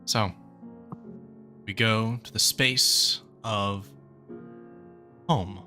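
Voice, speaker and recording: A man running a tabletop game, narrating slowly and deliberately. His lowish voice has a bright, crisp edge, with soft music underneath. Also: fairly even intonation. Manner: slow, measured storytelling. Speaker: game master.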